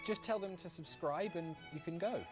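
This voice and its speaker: A woman's voice: lowish voice, normal speed, music in the background, pitched below the performer's own voice, lightly acted. A woman voicing a polite male show host giving a formal sign-off.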